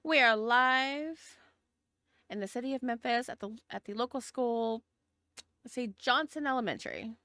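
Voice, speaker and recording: A woman's voice: on the high side, normal speed, pushed and bright, no room sound, studio quality. A woman putting on a frantic TV news reporter. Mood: urgent. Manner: breathless newscaster delivery, rising alarm. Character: female TV news reporter, urgent and dramatic. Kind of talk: tabletop role-play.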